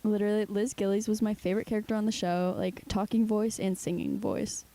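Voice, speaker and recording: A woman's voice: medium pitch, steady tone, brisk, warm tone. A young woman co-hosting a podcast in casual chat, saying "like" often and sounding tired. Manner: chatty, says "like" often, tired. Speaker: podcast co-host.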